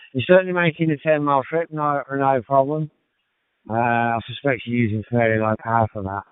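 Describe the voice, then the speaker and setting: A man with a Birmingham accent chatting relaxed on a ham radio net, with many fillers. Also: medium pitch, dry recording. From England. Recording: tinny radio transmission, dry.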